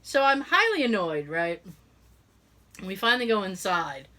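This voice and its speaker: Middle-aged woman, podcast co-host, casual chat, animated storyteller, acts out the people she quotes, swooping intonation, bright ringing tone. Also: medium pitch, measured pace. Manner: animated, acts out quoted voices, laughs often.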